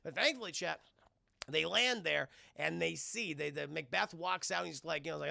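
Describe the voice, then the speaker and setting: A man with a high, gravelly voice recaps an animated episode for his live chat. His tone is bright and loose, full of profanity and asides to the viewers. The sound is close and dry. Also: fairly quick, no room sound. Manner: profane, keeps addressing chat, retells scenes in voices. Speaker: cartoon reviewer streaming to chat.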